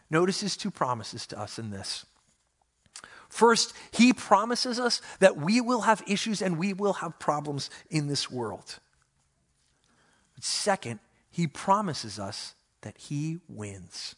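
A man, a pastor, preaching a sermon with animated, self-mocking storytelling and playful complaints to God. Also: a little high, slow pace.

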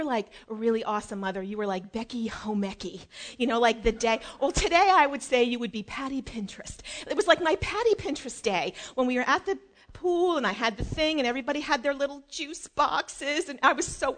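Animated high-voiced mother telling stories. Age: middle-aged. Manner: animated, acts out family anecdotes; chatty with many fillers and restarts. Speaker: mother giving parenting advice. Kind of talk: casual storytelling talk.

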